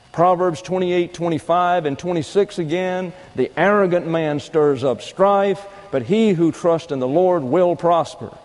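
In a big-room setting with poor audio, a pastor delivers a sermon point by point, reading verses of scripture aloud in a deliberate teaching manner. His voice is a little high and slightly mellow.

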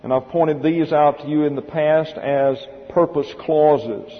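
A man with a slightly raised pitch lectures methodically, taking his time and spelling out terms letter by letter. The recording is dull and lo-fi, and his voice rings with a long hall reverb. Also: fairly even intonation, unhurried. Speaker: Bible teacher. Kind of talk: classroom lecture on Greek grammar.

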